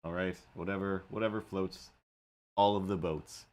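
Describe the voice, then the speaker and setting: A man hosting a casual livestream, rambling and talking to his streaming software and his animated cat helper. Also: low voice, moderate pace. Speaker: livestream host and cartoonist.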